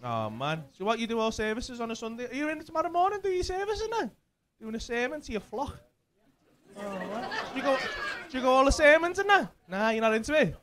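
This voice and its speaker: A man's voice: extremely high pitch, very animated, quick pace, fairly bright tone. A man doing brash, sweary crowd work as a stand-up comedian on a club stage. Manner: brash, sweary, teasing banter. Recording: live club audio with crowd laughter and noise.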